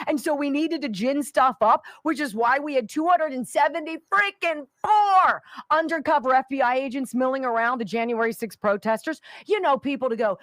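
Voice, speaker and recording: A woman's voice: high voice, expressive, moderate pace, hardly any pauses, dry recording. A woman hosting a talk radio show, delivering a sarcastic, combative monologue.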